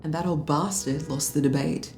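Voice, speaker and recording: In a film drama, an actress plays a drunk Australian political media adviser who rambles bitterly and sarcastically through a story. Her voice is low and a little mellow with fairly even intonation at normal speed, sounding reverberant with slight background noise.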